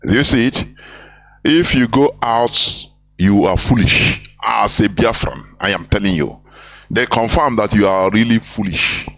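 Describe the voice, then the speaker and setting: A man's voice: lowish voice, a little slow, vocal fry, fairly bright tone, dry recording. A man hosting a live call-in broadcast, lecturing listeners with frequent hesitant fillers. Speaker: host.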